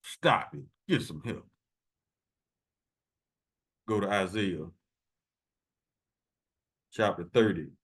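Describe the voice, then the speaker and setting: A man reading scripture verses slowly and adding blunt, profane commentary between them. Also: low voice, expressive, fairly bright tone, breathy edge. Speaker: preacher.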